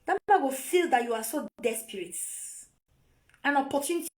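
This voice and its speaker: A woman with a Nigerian accent speaks to her phone on a live video, her voice sitting high. She scolds and lectures, circling back to the same points again and again. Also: expressive, moderate pace, darkish tone. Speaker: vlogger.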